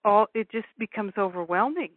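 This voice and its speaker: A woman's voice: medium pitch, animated, a little fast, dry recording. A woman hosting a teleclass, agreeing and reflecting on her own practice. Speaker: host of the class. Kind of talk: teleclass conversation. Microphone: telephone. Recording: tinny phone line.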